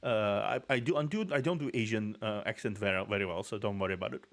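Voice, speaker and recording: A man's voice: lowish voice, lively intonation, normal speed. Russian-accented man rambling on stream. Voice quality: rolled R's. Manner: rambling, laughing, many restarts. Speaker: VTuber streamer. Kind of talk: casual reaction stream.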